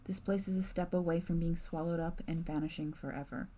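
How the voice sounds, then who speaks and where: Low-voiced woman reading game narration. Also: steady tone, a little fast, dark tone, slight background noise. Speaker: streamer.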